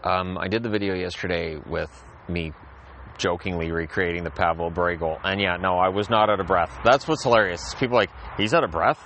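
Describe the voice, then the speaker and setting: A podcast host speaks from a backyard, his low, slightly bright voice brisk, with slight background noise. Hosting solo, he rambles in a relaxed way, restarting sentences and repeating phrases.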